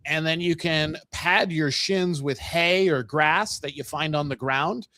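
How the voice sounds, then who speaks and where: A man co-hosting a sports podcast in casual chat, explaining things in a relaxed, easygoing way. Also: a little high, dry recording, clean studio sound. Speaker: podcast co-host.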